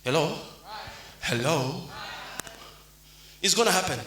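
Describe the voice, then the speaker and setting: A man's voice: fairly high pitch, expressive, slow pace. A man from Zimbabwe preaching a sermon, repeating calls to his congregation in a fervent call-and-response style. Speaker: pastor. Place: church service. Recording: echoey church hall, loud music. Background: loud music.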